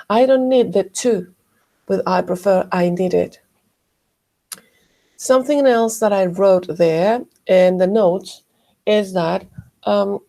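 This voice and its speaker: A woman teaching an English grammar lesson, explaining slowly and carefully and correcting herself often. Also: mid-range voice, creaky, mellow. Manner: slow, careful explanations with frequent self-corrections.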